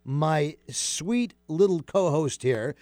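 A man's voice: a little high, slow, no echo. A man hosting a radio talk show, chatting casually and often filling gaps with "uh" and "you know". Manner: relaxed, with many fillers.

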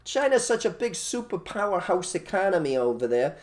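A man co-hosting an opinionated casual chat, blunt and animated, repeating his phrases for emphasis. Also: sits high, normal speed. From United States. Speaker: co-host.

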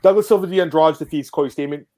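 Male podcast host, rapid-fire and opinionated, casual and profane. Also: on the high side, warm tone. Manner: blunt, swears freely, quick opinionated talk.

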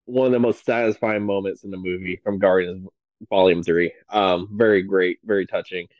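A man with a slightly low voice chats on a podcast, eager and rambling, with plenty of "um" and "like." The sound is a bit dull and lo-fi, and dry with no room echo. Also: steady tone, moderate pace. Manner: enthusiastic, rambling with many fillers. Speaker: podcast guest. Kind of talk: casual podcast chat.

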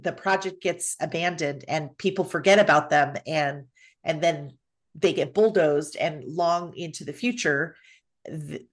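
A woman with a very low voice, chatting casually and summarizing at length. She goes back and forth with small fillers and restarts. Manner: attentive listener, rambling summaries. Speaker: podcast co-host. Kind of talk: casual chat.

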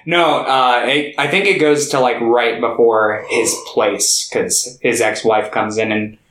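A young man muses over a movie in a halting, easygoing way, stopping and restarting as he thinks. His voice sits at an ordinary pitch. The room around him is echoey. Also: steady tone, fairly bright tone. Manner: hesitant, many fillers and restarts. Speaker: podcast co-host. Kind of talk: casual film discussion.

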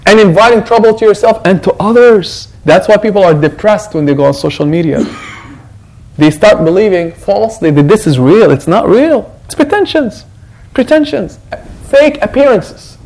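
A male imam gives a Quran reflection in a lively, conversational way. His voice sits high and rises and falls a great deal. He often breaks into the voices of the people he quotes. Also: poor audio. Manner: animated, conversational, acts out quotes. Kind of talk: Quran reflection talk to a congregation.

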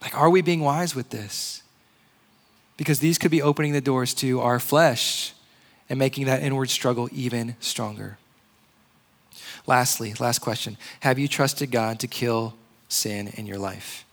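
Male preacher, mid-pitched, casual and chatty sermon delivery. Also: a little slow. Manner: conversational, animated, uses "like" a lot.

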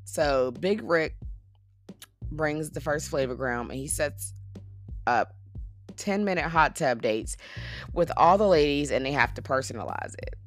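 Woman, sassy casual recap, low voice, animated delivery. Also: a little slow, pauses often, faint music behind. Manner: chatty, sassy, laughs often. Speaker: reality TV recap host.

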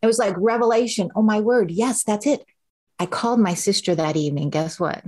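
Speaking briskly in a mid-range voice, a middle-aged woman shares her story as an interview guest. She's candid, animated and conversational, performing the voices of those she quotes.

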